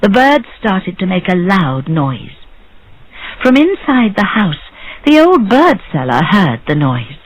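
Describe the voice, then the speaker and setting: A woman reading a simple story aloud for English learners, in short clear sentences. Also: no room sound, low-quality recording. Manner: slow, clear, simple sentences with lively pitch. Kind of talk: scripted story narration.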